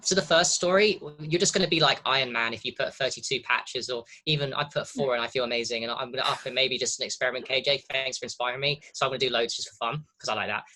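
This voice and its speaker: A man's voice: medium pitch, bright, forceful tone, poor audio. A man hosting a video call, responding with enthusiastic affirmation. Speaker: host. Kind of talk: casual chat on a video call. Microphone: video call mic.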